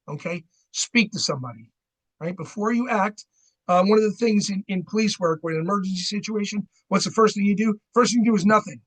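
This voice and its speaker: A man's voice: sits high, fairly bright tone, low-quality recording. A middle-aged man gives a seminar on fraud, chatting with the audience and often asking "right?". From New Jersey. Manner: conversational, keeps asking "right?". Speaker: credit union fraud educator.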